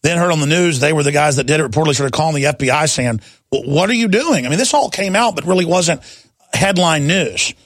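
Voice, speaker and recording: A man's voice: a little high, expressive, fast talker, fairly bright tone, no room sound, clean studio sound. A man hosting a talk radio show, delivering an emphatic, indignant monologue and calling his listeners "folks".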